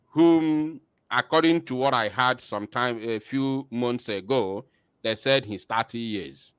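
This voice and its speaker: Slow hesitant man commenting. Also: medium pitch, fairly bright tone, smooth, no room sound, clean studio sound. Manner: hesitant, many fillers, rhetorical questions. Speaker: online show host.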